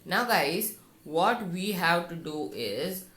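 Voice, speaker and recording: A man teaching a coding tutorial, talking slowly and step by step through what he types. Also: high-pitched, animated, pushed and bright, roomy sound. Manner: slow and instructive, talks through each step. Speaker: programming tutor. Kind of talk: screen-recorded coding tutorial.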